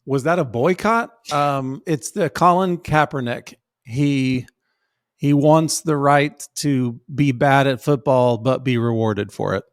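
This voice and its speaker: Podcast guy, dry close mic, sarcastic and wry, mid pitch. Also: takes it slowly, no room sound. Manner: wry, eye-rolling sarcasm. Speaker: podcast co-host. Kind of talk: casual conversation.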